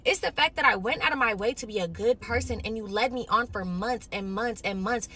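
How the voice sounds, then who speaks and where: A young woman from Los Angeles, telling a casual storytime monologue in an animated way, acting out the other people in her story. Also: a little high, brisk, slight background noise. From Los Angeles, California.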